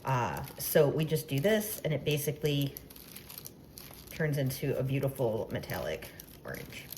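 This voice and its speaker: Low-pitched chatty woman demonstrating. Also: sing-song, a little slow, a little mellow, slight background noise. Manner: chatty, self-deprecating, playful asides. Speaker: baking tutorial host. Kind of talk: casual demonstration.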